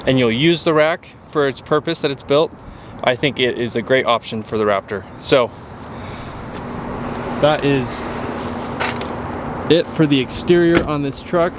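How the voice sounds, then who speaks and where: A man giving a casual, upbeat walkaround of a truck in a vlog, with frequent fillers. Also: mid-range voice. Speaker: truck reviewer. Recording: windy outdoor noise.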